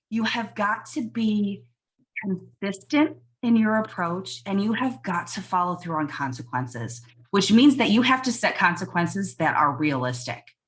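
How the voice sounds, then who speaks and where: A woman's voice: mid-range voice, animated, unhurried. A woman pediatrician giving emphatic parenting advice in a casual podcast interview. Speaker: pediatrician guest.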